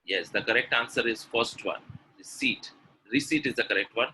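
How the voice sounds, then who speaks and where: Bright upbeat coach. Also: male voice, on the low side, a little fast, slight background noise, poor audio. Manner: quizzing the audience, contrasting word pairs, upbeat praise. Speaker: English pronunciation coach. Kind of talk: live webinar teaching.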